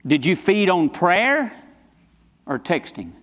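A male pastor preaching a sermon in a church sanctuary, emphatic and repetitive, swinging between low and high passages. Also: very animated, slow pace, a bit bright. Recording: long church reverb.

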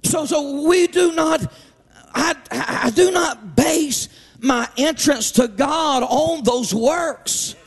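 A man preaches with fervor, his phrases rising into half-sung cries and shouts. His voice sits very high and carries a gravelly edge. The sound rings through a large hall with faint music underneath. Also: takes it slowly. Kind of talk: sermon. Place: church.

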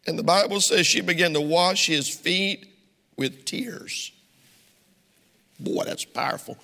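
A middle-aged pastor preaches to his congregation in a church sanctuary, his high, creaky voice pushed and bright, moving slowly. The sermon is impassioned and packed with rhetorical questions, with long church-hall reverb.

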